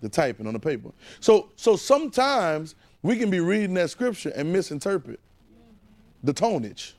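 A man preaching a sermon in call-and-response style, repeating phrases and swinging between loud and hushed delivery. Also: high voice, sing-song, moderate pace.

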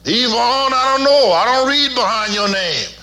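A pastor preaching to his congregation in a high, bright voice. He teases and jokes in a folksy way, then leads the in call-and-response. Each line comes with plenty of swing. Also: animated, moderate pace. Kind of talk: sermon.

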